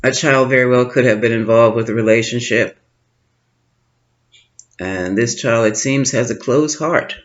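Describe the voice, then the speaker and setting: Man musing through a tarot reading. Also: mid-range voice. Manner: musing, thinking aloud with pauses. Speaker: tarot reader. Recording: slightly dull lo-fi sound with faint noise.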